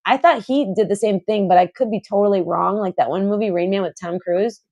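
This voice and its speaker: A woman's voice: mid-range voice, a little fast, darkish tone. A young adult woman co-hosting a podcast in casual chat, talking in a rambling way full of fillers and restarts. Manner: rambling, filler-heavy, laughs often. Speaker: podcast co-host.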